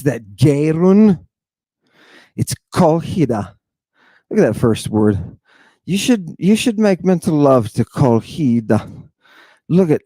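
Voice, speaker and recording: A man giving a theatrical lecture on ancient texts, firing off rhetorical questions and dropping into hushed tones. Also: on the high side, no room sound. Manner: dramatic, rhetorical questions, sudden hushed drops.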